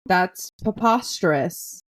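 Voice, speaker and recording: Young american woman talks slow, teasing, laid back book chat. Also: on the low side, animated. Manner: playful teasing, drawn-out delivery. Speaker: podcast co-host. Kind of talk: casual book-club chat.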